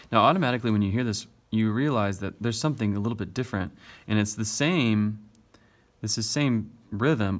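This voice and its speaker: Male teacher, low gravelly voice, patient step-by-step poetry lesson. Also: normal speed. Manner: explains step by step, taps out stressed beats. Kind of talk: recorded classroom lesson on poetry.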